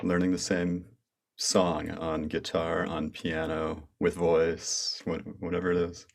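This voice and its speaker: Very deep-voiced American man hosting. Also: completely flat delivery, takes it slowly, creaky. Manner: enthusiastic, stammering restarts. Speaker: podcast host. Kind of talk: casual interview conversation.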